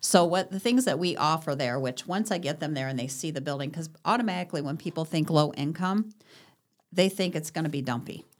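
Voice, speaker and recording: Low-voiced woman explaining senior housing. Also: expressive, brisk. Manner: explains patiently with examples and many affirmations. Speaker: guest from senior living community. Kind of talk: casual interview chat.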